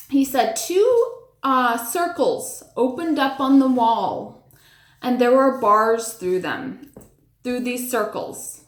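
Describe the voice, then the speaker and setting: A woman with a somewhat high voice tells a personal story in a loose, chatty way, leaning on fillers like "like" and "you know." She acts out her own reactions as she goes. The sound carries a noticeable echo from the room. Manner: animated retelling with acted-out reactions. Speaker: storyteller sharing personal spiritual experiences. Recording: echoey room.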